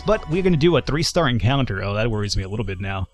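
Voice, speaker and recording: A man's voice: mid-range voice, fast talker, hardly any pauses, over music. A man casually commenting on a strategy game as he plays, joking and reading game text aloud. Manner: jokey, chatty, reads game text aloud. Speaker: gaming channel host. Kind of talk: casual let's-play commentary.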